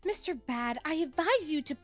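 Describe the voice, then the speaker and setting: A woman's voice: sits high, lively intonation, moderate pace, faint music behind. A woman playing a scornful young prosecutor. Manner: cold, scornful, stumbles on words. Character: haughty young female prosecutor. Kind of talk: fan voice-over of a game.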